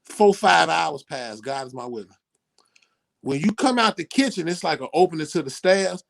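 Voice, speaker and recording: A man telling a profane, animated story in casual podcast chat. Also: fairly high pitch, normal speed, creaky.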